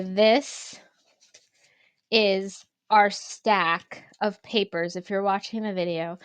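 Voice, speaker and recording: Animated woman telling a story, dry sound. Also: mid-range voice, no room sound. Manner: animated, acts out quotes, many "like" fillers. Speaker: podcast co-host, ceramics studio owner. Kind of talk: casual storytelling chat.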